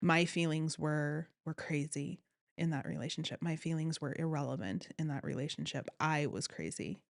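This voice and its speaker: A woman telling her own story as an interview guest, earnest and animated, often quoting what others said. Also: low-pitched, moderate pace, vocal fry, no room sound, studio quality. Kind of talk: personal story in conversation.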